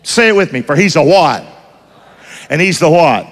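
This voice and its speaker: In a big-sounding room, a slightly high, expressive male voice delivers a sermon at moderate pace. He preaches call-and-response, throwing questions to the congregation and getting the crowd to complete his lines.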